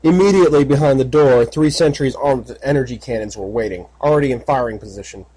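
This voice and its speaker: A man narrating a fan fiction audiobook in a steady, measured way. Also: medium pitch, slightly rough.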